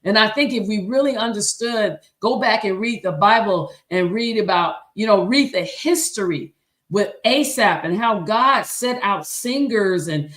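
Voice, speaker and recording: A woman's voice: mid-range voice, a little slow, fairly bright tone. A woman choir director hosting a live stream, teaching in an earnest, preacherly way with a slight Southern American accent. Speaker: choir director and show host. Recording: roomy echo.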